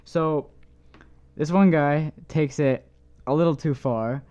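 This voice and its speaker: A young man tells a rambling story on a casual podcast, filling his talk with "like" and tossing in swears. His voice is mellow and smooth, with a mid pitch. The recording sounds a little dull and lo-fi. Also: slow. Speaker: podcast co-host.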